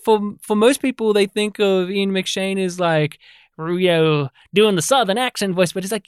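Podcast co-host, casual film chat, animated and jokey, smooth clear voice, dry close sound. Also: mid-range voice, moderate pace, no room sound. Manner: animated, jokey, slips into mock impressions. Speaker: podcast co-host reviewing films.

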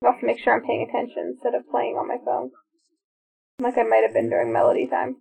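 A woman's voice: on the high side, flat delivery, fast, creaky, warm tone, husky. A woman co-hosting a podcast, chatting casually and eagerly sharing trivia while watching a movie. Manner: chatty, enthusiastic about trivia. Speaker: podcast co-host. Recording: phone-like narrow sound.

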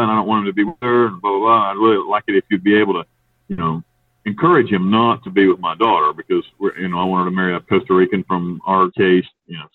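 Fast-talking man on a tinny phone line. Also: low-pitched, no room sound, recorded from a distance. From North Carolina, USA. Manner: rambling, profane, restarts and quotes others. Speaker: interviewee. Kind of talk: storytelling interview.

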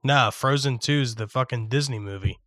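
A young man chatting casually about movies and shows, swearing a lot and shouting when he acts out yelling. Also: medium pitch, fairly quick, no room sound, clean studio sound. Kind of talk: casual chat.

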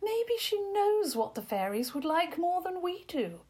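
A woman's voice: very high voice, very animated, unhurried, voice pushed up, exaggerated voice. A woman doing a shy young princess. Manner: quiet, tentative voice. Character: shy, formerly snooty young princess cousin.

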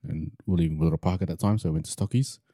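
Young man, lively storyteller on a chat podcast, low-set voice, dry close sound. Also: very fast, dry recording. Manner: animated, acts out quoted voices; swears casually.

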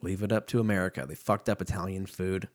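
A man in his thirties talks in a loose, rambling podcast monologue. His voice sits a little low, and he swears freely and jokes as he goes, like a host chatting off the cuff. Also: flat delivery, fast talker. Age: 30s. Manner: profane, rambling, joking.

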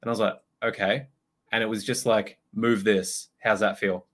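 A young man chats on a podcast. His voice sits a little low. He tells stories with lots of energy, acts out what people said, and swears casually. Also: normal speed. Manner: animated storytelling, acts out quotes, swears. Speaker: podcast co-host, personal trainer. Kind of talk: casual chat.

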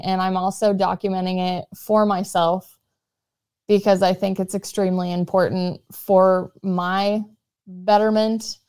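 A young woman reading her own blog post aloud, earnest and measured in a voice she calls monotone. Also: medium pitch, clear, resonant tone. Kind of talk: reflective spoken intro and read-along of her writing.

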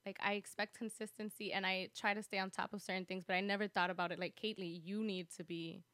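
A woman's voice: mid-range voice, level tone, fast talker, fairly bright tone, dry recording. A woman guest on a podcast, chatting casually, laughing often and filling her sentences with "like". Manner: chatty, giggly, lots of fillers like "like".

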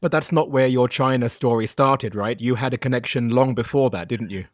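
Male podcast host, polite, warm questions, medium pitch, dry close sound. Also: a little fast, dry recording. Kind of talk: interview.

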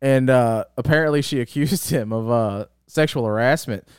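Smooth-voiced man telling a rambling story. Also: mid-range voice, normal speed, no echo, studio quality. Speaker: podcast co-host. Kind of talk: casual storytelling chat.

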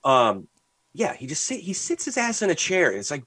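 Profane, animated man telling rants. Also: fairly high pitch, normal speed, husky, no room sound. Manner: rants and mimics people in stories. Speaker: podcast co-host. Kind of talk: casual chat.

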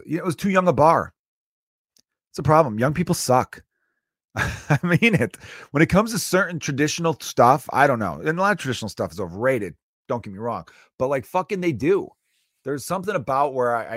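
A man's voice: mid-range voice, fairly bright tone, dry recording, studio quality. A man hosting a podcast, ranting in a casual, profane, exasperated way. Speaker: podcast host. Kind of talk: casual solo rant.

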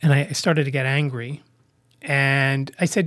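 A man's voice: medium pitch, unhurried, no room sound, studio quality. Blind man telling a story on his podcast. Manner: animated, acts out both sides of dialogue. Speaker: podcast host. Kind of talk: casual storytelling monologue.

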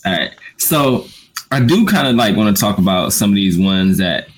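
A man's voice: fairly low pitch, expressive, normal speed, a little hiss or hum. A man co-hosting a casual podcast chat, laid-back and slangy. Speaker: podcast co-host.

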